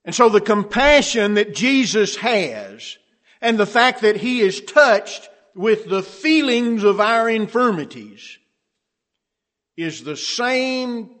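Slow, measured, fairly high-voiced male preacher. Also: big pitch swings, a bit bright. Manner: slow, measured delivery with rising emphasis on key phrases. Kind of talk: sermon.

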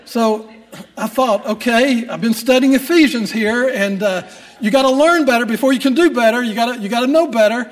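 A man's voice: very high-pitched, normal speed. An older man, a grandfather, preaching a sermon and telling a humorous family story to make his point. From Texas. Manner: storytelling, humorous asides, rising emphasis. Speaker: pastor.

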